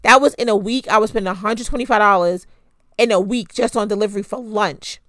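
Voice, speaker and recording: Brisk and a bit bright in a mid-range voice, this podcast host gives casual money advice in a frank, chatty way. She swears mildly and pokes fun at herself, and the recording has no echo.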